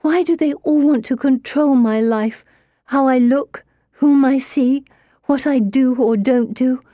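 A woman playing a whiny, high-voiced teenage girl. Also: measured pace, warm tone, dry recording, clean studio sound. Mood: plaintive.

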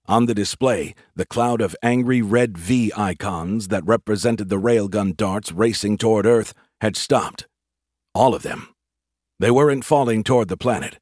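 A male narrator reading an audiobook in a measured, wry manner. His voice sits on the lower side, and the recording is close and dry, with no room around it. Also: a little mellow, no echo. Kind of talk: scripted narration.

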